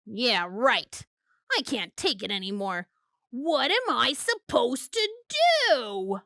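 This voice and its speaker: A woman's voice: fairly high pitch, expressive, slow pace, bright, forceful tone, dry recording, studio quality, exaggerated voice. A woman voicing a possessive, easily exasperated male pigeon in a storybook read-aloud. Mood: grumpy. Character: greedy, fussy male pigeon.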